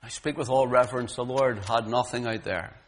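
A male preacher delivering a fervent sermon, dropping to hushed low lines and then rising to loud, raised outbursts, often repeating words as he gets worked up. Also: brisk.

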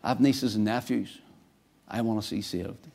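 Male preacher, mellow dark voice, quiet then suddenly loud and emphatic. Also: lowish voice, normal speed, vocal fry. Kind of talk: sermon.

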